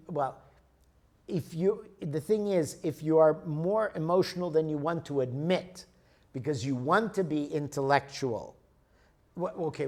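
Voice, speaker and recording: A man's voice: on the high side, darkish tone. A man giving a lecture and answering an audience member, explaining patiently and often checking in with "okay?" and "right?". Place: lecture room.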